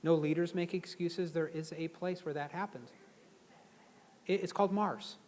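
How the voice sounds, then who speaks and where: A man giving a live motivational seminar to an audience, energetic and conversational, drawing the crowd in to repeat words after him. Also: on the high side, normal speed. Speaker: seminar speaker.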